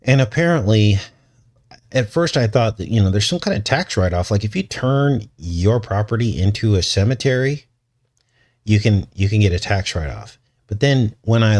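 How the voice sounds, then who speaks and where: Male commentary host, lower register, loose and jokey delivery with frequent chuckles. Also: darkish tone. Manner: rambling, joking, chuckles between points. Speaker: channel host. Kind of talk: casual commentary show.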